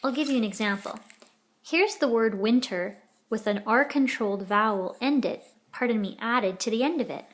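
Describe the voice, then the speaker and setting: A woman's voice: on the high side, normal speed. A woman teaching a children's editing lesson, patiently sounding out letters and words.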